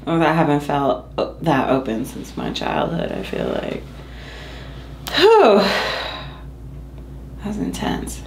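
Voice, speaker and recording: A woman's voice: very deep voice, wildly swooping pitch, normal speed, creaky. A pregnant woman, emotional and tearful, reacting with breathless exclamations and laughter as a patient. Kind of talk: casual reactions during treatment. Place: chiropractic clinic room. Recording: echoey room, faint background noise.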